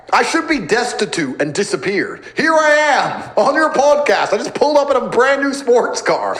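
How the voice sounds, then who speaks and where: A man's voice: extremely high pitch, big pitch swings, normal speed, hardly any pauses, fairly bright tone. A man in his thirties speaking as a podcast guest, brash and emphatic, boasting and laughing often in casual interview talk.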